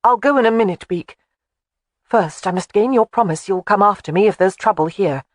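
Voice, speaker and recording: A narrator voicing a headstrong young woman in an audiobook, quick to argue and proud. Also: medium pitch, dry recording, clean studio sound, voice pushed up, lightly acted. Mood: insistent. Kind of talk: audiobook character voice.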